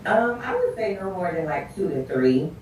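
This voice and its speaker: A woman's voice: fairly low pitch, very animated, normal speed, a little mellow. A woman in her thirties, a dating show guest, answering politely and briefly. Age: 30s. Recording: echoey, distant, faint noise.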